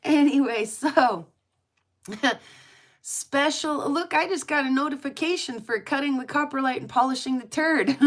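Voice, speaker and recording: A woman's voice: sits high, slow pace. A woman hosting her rock channel, chatting casually and gushing with frequent laughter. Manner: giggly and gushing, lots of laughter and fillers. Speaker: rock hounding channel host. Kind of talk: casual chat.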